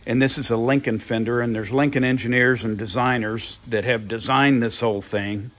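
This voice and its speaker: A man's voice: mid-range voice, steady tone, normal speed, fairly bright tone. An older man thinking aloud in a casual workshop vlog, rambling and repeating himself as he works. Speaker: car builder, channel host.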